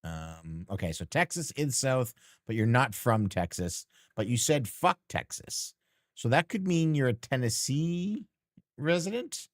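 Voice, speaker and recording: A man's voice: mid-range voice, expressive, a little slow, dry recording, clean studio sound. A man streamer chatting casually and teasingly with his chat while playing a game, rambling and joking.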